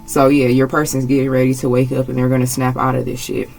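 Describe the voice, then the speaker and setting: A woman's voice: very deep voice, flat delivery, fast, creaky, hardly any pauses, darkish tone, low-quality recording. A woman giving a casual tarot reading, blunt and emphatic, swearing freely and repeating her phrases. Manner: emphatic, gets agitated. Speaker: tarot reader.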